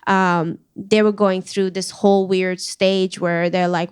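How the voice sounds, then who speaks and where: Candid woman guest with a clear voice. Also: fairly low pitch, flat delivery, a little mellow. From Iran. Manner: candid, halting, many fillers. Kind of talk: emotional personal interview.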